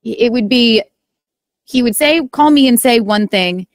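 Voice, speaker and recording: Quick animated woman telling a story. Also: fairly high pitch, no room sound, clean studio sound. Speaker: guest. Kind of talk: casual chat, storytelling.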